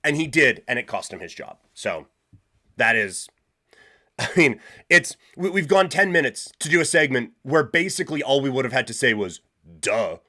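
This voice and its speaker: A man's voice: mid-range voice, very animated, moderate pace, sharp tone. Emphatic male sports podcast host. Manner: emphatic, ranting with rhetorical questions and restarts. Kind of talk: live sports talk stream.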